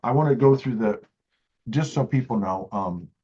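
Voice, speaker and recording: A man's voice: medium pitch, lively intonation, moderate pace, mellow, husky, highs cut off. A man hosting an interview, earnest and enthusiastic, restarting phrases as he builds his point. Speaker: interview host. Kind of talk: casual interview chat.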